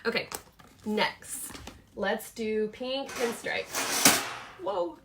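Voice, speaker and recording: A woman's voice: fairly high pitch, expressive, extremely slow, vocal fry, noisy background. A woman, hosting a casual live product chat from her home office. She is chatty and enthusiastic, thinking aloud with many fillers. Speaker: host showing her planner products.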